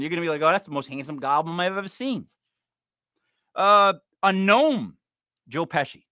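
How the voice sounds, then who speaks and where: A man's voice: on the high side, pushed and bright, no echo, studio quality. A man hosting a podcast, talking in a casual, joking and emphatic way. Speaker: podcast host. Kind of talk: casual comedic chat.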